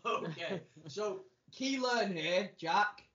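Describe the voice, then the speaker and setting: A man's voice: high-pitched, expressive, takes it slowly, fairly bright tone. A man hosting a casual podcast chat, teasing his guests and laughing often. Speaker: podcast host. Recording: dull lo-fi sound.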